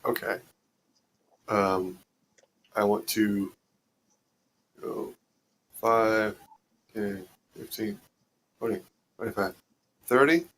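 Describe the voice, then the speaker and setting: A man's voice: fairly low pitch, very slow, long pauses, a bit bright, slight background noise. A man playing in a tabletop game, swearing freely and hesitating with fillers as he works out his moves. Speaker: player. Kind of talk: casual tabletop game play.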